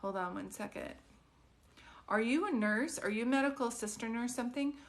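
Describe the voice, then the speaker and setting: A woman working as a psychic medium on a live stream who talks softly and gently, keeps asking questions, and speaks in a casual, chatty way. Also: a little high, fairly quick. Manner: soft, consoling, often asks questions.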